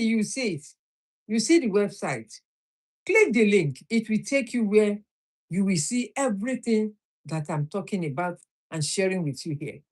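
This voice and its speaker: A woman's voice: mid-range voice, darkish tone. A middle-aged Nigerian woman hosting a live stream, giving a motivational talk, repeating her phrases and putting questions to the listener.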